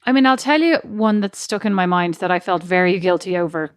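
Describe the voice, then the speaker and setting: A woman co-hosting a podcast, telling animated, self-mocking stories in casual chat. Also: lowish voice, a little fast, smooth, no echo, studio quality. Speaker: podcast co-host.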